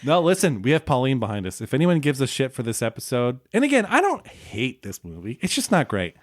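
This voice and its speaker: A man's voice: medium pitch, wildly swooping pitch, fairly quick, no room sound, clean studio sound. A man co-hosting a film podcast in casual, irreverent chat, joking and swearing freely. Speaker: podcast co-host.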